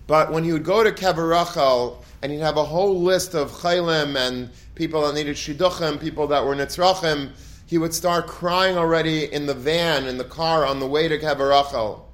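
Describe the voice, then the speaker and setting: At a moderate pace and fairly high pitch, a Torah teacher gives an earnest, emotive talk in a storytelling style. He often restarts his phrases and weaves in Hebrew and Yiddish terms.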